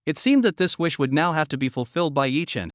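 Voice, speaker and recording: Male recap narrator, pitched a little high, animated, dry close mic. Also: fast talker, no room sound. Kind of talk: scripted narration.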